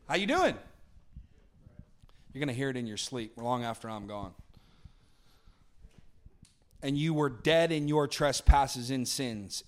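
A man preaching a sermon, moving from booming to hushed and asking the congregation to answer back. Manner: dynamic, swings from booming to hushed; talks with the congregation, asks for responses.

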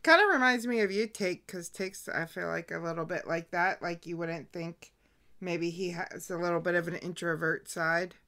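A woman's voice: lowish voice, steady tone, moderate pace, sharp tone. A woman co-hosting a podcast, chatting in an easygoing, giggly way. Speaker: podcast co-host. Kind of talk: casual podcast chat.

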